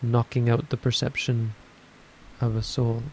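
Gravelly, flat-voiced man teaching meditation. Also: mid-range voice, slight background noise, rough recording. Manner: measured, explanatory, thinks aloud. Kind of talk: dharma talk on meditation.

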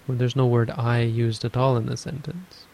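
A man giving a dharma talk on meditation, explaining in a measured way and thinking aloud as he goes. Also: medium pitch, steady tone, gravelly, darkish tone, low-quality recording. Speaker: meditation teacher.

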